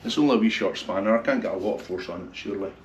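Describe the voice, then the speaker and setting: A man working on an old car engine and talking to himself, muttering quietly, with bursts of excitement. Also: on the low side, very fast. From Scotland. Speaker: car restorer. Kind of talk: casual workshop commentary. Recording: roomy, distant, noisy workshop sound.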